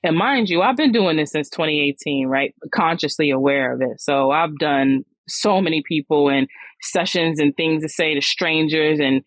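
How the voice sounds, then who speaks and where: A woman's voice: sits low, no echo, rough recording. A woman hosting a podcast, telling a personal story in a candid, slangy way with frequent restarts. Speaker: podcast host.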